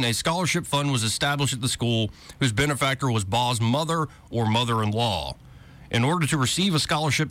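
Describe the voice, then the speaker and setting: A man hosts a talk radio show, reading a news story aloud and pausing for sarcastic, amused jabs. His voice is bright and lively, with a pitch that rises and falls freely.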